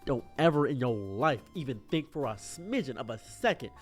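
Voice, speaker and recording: A man voicing a furious young male superhero who hurls vulgar threats, his pitch swinging wildly. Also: very animated, normal speed, faint music behind, natural voice. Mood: furious, menacing.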